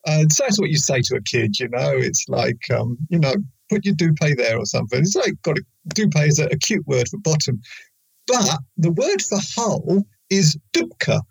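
A man with a high, gravelly, husky voice rambles hesitantly through anecdotes, filling his pauses with ums. The sound is dry and close. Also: sing-song, dry recording, poor audio. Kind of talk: casual chat.

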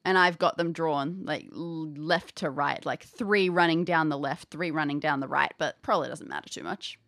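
A woman's voice: low-pitched, normal speed, fairly bright tone, dry recording, clean studio sound. A woman narrating an audio adventure game as game master, describing scenes playfully with chatty asides.

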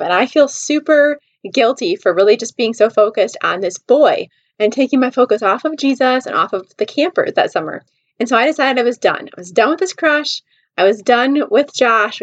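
A woman tells a personal story in an animated, chatty way, peppering it with "like". Her voice sits high. The audio is a little dull and lo-fi. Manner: animated, chatty, says "like" often. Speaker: vlogger.

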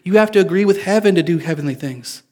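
A man's voice: high-pitched, fast talker, a little mellow. A man preaching a sermon in a casual, confessional way, joking with his listeners. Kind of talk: conversational sermon.

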